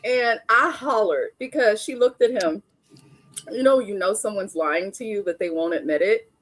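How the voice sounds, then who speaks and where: A woman's voice: medium pitch, animated, moderate pace. Blunt chatty woman hosting a live recap. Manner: blunt, candid, chatty with frequent asides. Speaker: reality TV reviewer hosting a live stream. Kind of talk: casual live recap and commentary.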